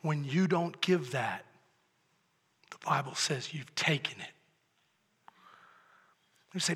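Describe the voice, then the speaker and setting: A male pastor preaching a sermon, impassioned, swinging from shouted peaks to low, hushed lines. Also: animated, takes it slowly, long pauses, husky, in a large hall.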